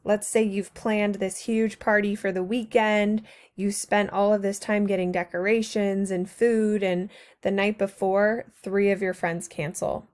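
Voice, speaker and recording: A woman's voice: medium pitch, flat delivery, unhurried, a little mellow. A woman teacher narrating a recorded slideshow lesson to her students, patient and encouraging, speaking to them directly.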